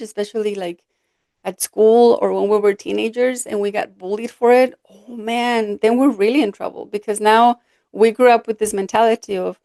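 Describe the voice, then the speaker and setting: A woman coach hosting her podcast, talking in an earnest, expressive way and acting out quoted remarks. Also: a little high, no room sound, clean studio sound. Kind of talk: reflective solo podcast talk.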